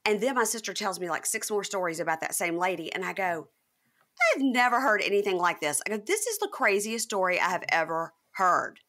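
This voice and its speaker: A woman from Mississippi hosting a podcast, chatting casually and telling stories with lively, high-pitched quoted voices. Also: brisk. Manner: animated storyteller, jumps high when acting out quotes. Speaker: podcast host. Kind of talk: casual chat.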